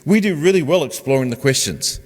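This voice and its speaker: In a church with long reverb, a male pastor preaches conversationally and questions his congregation. His voice is fairly high-pitched, animated and brisk.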